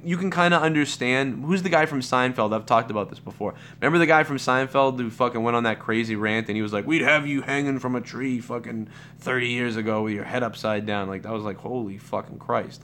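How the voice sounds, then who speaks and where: A man's voice: medium pitch, a bit bright, a little hiss or hum. A man hosting a live Q&A stream, talking casually in a rambling, profane way with many restarts and fillers. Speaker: livestream host.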